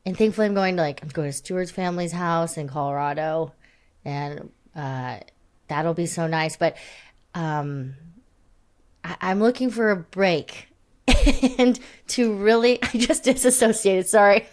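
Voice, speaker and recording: In an unhurried, lowish female voice, a young podcast co-host chats casually. She rambles, pokes fun at herself, and laughs often.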